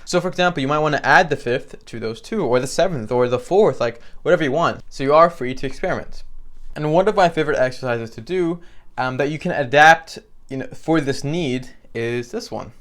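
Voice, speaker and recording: A man teaching piano in a relaxed, conversational way with frequent fillers, counting beats aloud. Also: on the high side, fairly quick. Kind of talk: instructional tutorial. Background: piano playing between phrases.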